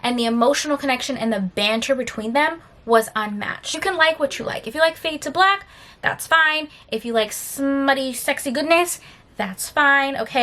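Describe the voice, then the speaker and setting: A young adult woman, a book vlogger, chats casually in a high-pitched voice at a moderate pace. She sounds tired yet animated, telling stories full of sassy, emphatic asides.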